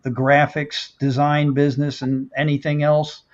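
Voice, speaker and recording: Man hosting a chat, higher voice. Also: monotone, unhurried. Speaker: host. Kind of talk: casual interview chat. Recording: dull lo-fi audio.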